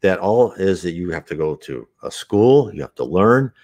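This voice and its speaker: Low-voiced guy rambling on about spirituality, earnest, lots of restarts. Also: very animated, moderate pace, darkish tone. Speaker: spiritual talk host. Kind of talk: unscripted spiritual talk.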